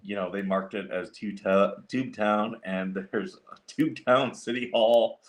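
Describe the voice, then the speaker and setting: A man with a fairly low voice hosts a casual livestream, chatting as he works through things on his computer. He rambles with lots of fillers and restarts, thinking out loud as he goes. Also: steady tone, slow pace. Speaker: livestream host.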